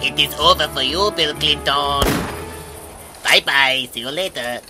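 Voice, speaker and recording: A cheerful comic sidekick with a mock-Mexican accent, played by a man. The voice swoops up and down a lot and sits a little high, in a homemade comedy musical. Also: wildly swooping pitch, slow, echoey room, over music, full character voice. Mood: boastful. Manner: mock Mexican accent, says "amigos", bouncy. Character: cheerful Mexican cowboy type, comic ally.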